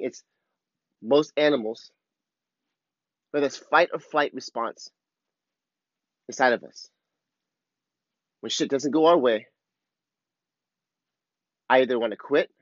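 Rambling, profane surf coach, muffled sound. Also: male voice, fairly high pitch, no room sound. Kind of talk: casual monologue. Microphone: clip-on wireless mic.

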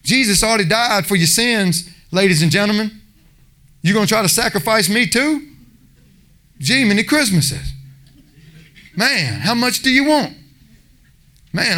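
A man preaches with fervor, his voice pitched notably high for a man. He swings between loud exhortation and quieter pleading, acting out short bits of dialogue along the way. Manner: passionate, impassioned preaching with acted-out voices. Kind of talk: sermon.

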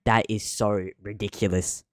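A man's voice: lowish voice, flat delivery, unhurried, dry recording, studio quality. A man co-hosting a podcast in casual chat, agitated and stammering with restarts. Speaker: podcast co-host.

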